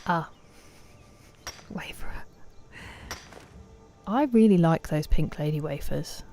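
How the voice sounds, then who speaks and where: A young woman chats her way through a game stream, talking to viewers and reacting loudly when things go wrong. Her voice sits a little low for a woman, with faint music playing in the background. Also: animated, slow pace. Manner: chatty, reacts loudly, talks to chat. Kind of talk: casual gameplay commentary.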